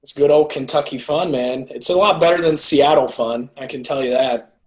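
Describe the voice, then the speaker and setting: This podcast co-host, a teacher living in San Jose, speaks at a moderate pace in a medium-pitched voice with a darkish tone. His casual chat wanders through stories, punctuated by frequent laughter.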